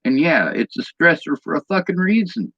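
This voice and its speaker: A man's voice: fairly high pitch, very animated, normal speed, pushed and bright, dry recording, dull audio. A man in an angry personal vlog rant, bitter and agitated, swearing often.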